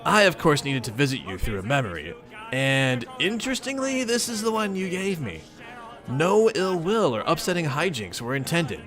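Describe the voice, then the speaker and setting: A man's voice: fairly high pitch, sing-song, moderate pace, fairly bright tone, soft background music, pitched above the performer's own voice. A man voicing a sweet, chatty, know-it-all female troll ancestor, reading a webcomic aloud, with precise and properly enunciated speech. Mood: calm, knowing.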